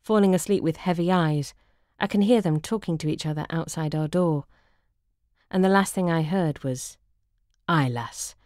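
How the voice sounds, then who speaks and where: A woman reading her travel memoir aloud as narrator, dry and wry in a measured way. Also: fairly low pitch, warm tone, no echo.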